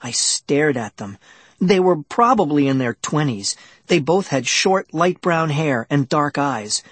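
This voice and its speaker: A man's voice: a little high, a little slow, slightly rough, dry recording. Man dramatically reading a children's adventure. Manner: lively, dramatic storytelling. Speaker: audiobook narrator. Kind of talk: first-person audiobook reading of a children's adventure.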